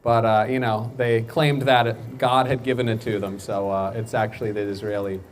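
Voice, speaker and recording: A young man doing stand-up crowd work outdoors on a city street through a portable speaker, firing off quick political one-liners and teasing people passing by. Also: on the low side, flat delivery, slight background noise. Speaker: stand-up comedian. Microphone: amplified through a portable speaker.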